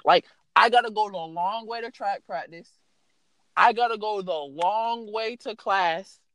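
A young man telling a story in a casual, animated way, swearing freely and filling his speech with "like". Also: high voice, unhurried, dry recording. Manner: animated, profane, lots of fillers.

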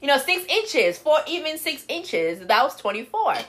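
A woman chats on a podcast, her higher voice rising and falling in lively swings. She jokes crudely and drops Spanish words into her English. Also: moderate pace. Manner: mixes Spanish words into English, laughs often, crude joking. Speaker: podcast co-host. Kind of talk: casual chat.

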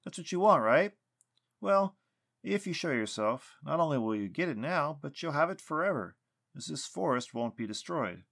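A frantic grown man pushed to the edge, his voice driven high and loud, as a narrator acts him out. He pleads and wheedles, then breaks into raw yelling. Strained and urgent throughout. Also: lively intonation, moderate pace, gravelly, exaggerated voice. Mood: wheedling. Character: excitable adult man, desperate believer.

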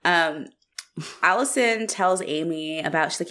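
A woman's voice: low-pitched, normal speed, vocal fry, fairly bright tone. A woman co-hosting a podcast in casual chat, recapping a TV episode, acting out the characters' lines and laughing often. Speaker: podcast co-host.

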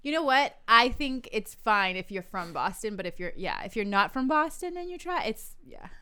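A woman's voice: fairly high pitch, big pitch swings, normal speed, sharp tone, clear, resonant tone, no echo. A woman hosting a podcast, quizzing her co-host with trivia and laughing easily in casual chat.

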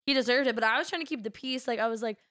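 A woman's voice: fairly high pitch, rapid-fire, no room sound, clean studio sound. A young woman from Central Illinois hosting a podcast, telling a story in casual, profane chat and acting out her own lines. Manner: animated, profane, quotes herself. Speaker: podcast host.

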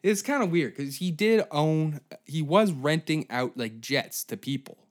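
A man's voice: on the high side, unhurried. Male podcast host, crude storyteller, rambling, sarcastic. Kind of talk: comedic storytelling.

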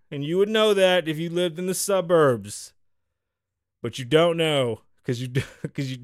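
A man's voice: a little high, expressive, normal speed, clear, resonant tone, no echo, clean studio sound. A man from the Bronx, hosting a podcast in loose, profane, riffing chat and teasing his co-host. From the Bronx, New York. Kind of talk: casual freestyle podcast talk.

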